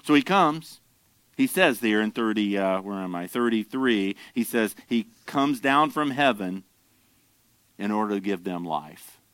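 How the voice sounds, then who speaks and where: Male pastor, sermon delivery, smooth resonant voice, dry close sound, builds to emphatic peaks. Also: lowish voice, a little slow, dry recording. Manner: animated, emphatic preaching with rising intensity.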